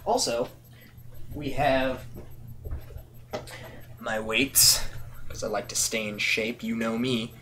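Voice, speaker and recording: A teenage guy hosting a casual vlog from his bedroom, rambling and joking at his own expense, with long drawn-out pauses. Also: medium pitch, fairly even intonation, bright, forceful tone, a little hiss or hum. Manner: rambling, jokey, self-deprecating, with drawn-out pauses. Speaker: vlog host.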